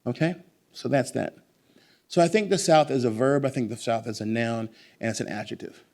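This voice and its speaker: At a bookstore event, the guest author, a man with a medium-pitched, mid-range voice, talks briskly. He's animated and emphatic, and his answers drift into long, lively digressions.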